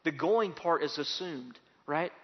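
Pastor guy preaching, kinda high voice, long echo, muffled lo-fi sound. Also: lively intonation, unhurried. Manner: preaching with rising emphatic bursts and repetition. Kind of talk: sermon. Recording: dull lo-fi sound with long hall reverb.

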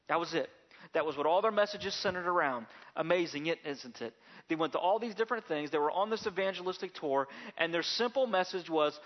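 A man preaching a sermon and praying as a pastor, often halting and repeating words and slowing down on key phrases. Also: fairly high pitch, in a large hall, dull audio.

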